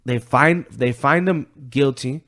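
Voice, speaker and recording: A podcast co-host tells a story in casual chat, his medium-pitched voice slow and fairly bright. He rambles loosely and swears, piling on filler words and quoting other people's voices.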